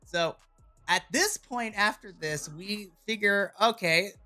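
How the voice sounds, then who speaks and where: A man's voice: high voice, slow, pushed and bright, soft background music. A man co-hosting a wrestling podcast, recapping events casually with playful quoted voices and laughter.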